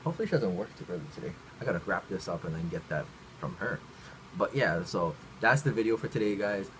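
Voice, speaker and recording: A Canadian man, a vlogger, telling a childhood story in a lively way and laughing between lines. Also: deep voice, fast talker, background noise. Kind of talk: storytime vlog.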